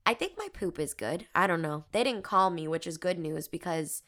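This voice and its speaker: A woman's voice: lowish voice, animated, normal speed, a bit bright. A woman in her twenties hosting a podcast, telling candid, self-deprecating stories in casual chat with frequent giggles. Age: 20s. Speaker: podcast host.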